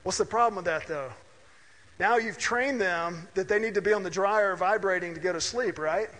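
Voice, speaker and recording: Pastor, middle-aged man, high voice, conversational sermon in a reverberant church hall. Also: normal speed, fairly bright tone. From Mississippi. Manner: conversational, anecdotal, asks listeners "right?".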